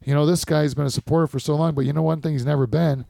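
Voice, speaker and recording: A man's voice: on the high side, fairly even intonation, racing, creaky, warm tone, dry recording. A middle-aged man hosting a casual podcast, rambling and swearing in mock rants. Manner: rambling, profane, mock-ranting. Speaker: podcast host.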